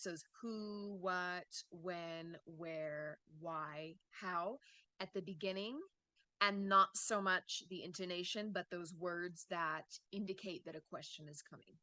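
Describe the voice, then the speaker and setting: A woman's voice: lowish voice, pushed and bright, dry recording. A woman teaching an English lesson, explaining patiently and checking in with "okay?" as she goes.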